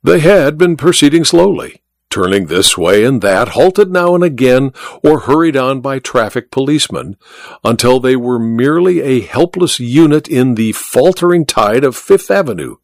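A lively male audiobook narrator tells a scripted story expressively in a mid-range voice at a moderate pace. Sound is clean studio quality without echo.

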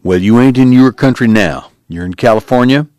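A man's voice: mid-range voice, fairly quick, dry recording, studio quality, voice pushed up, natural voice. A man voicing a sneering, bullying lawman. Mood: threatening. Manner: sneering, loud and threatening. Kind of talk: audiobook dialogue reading.

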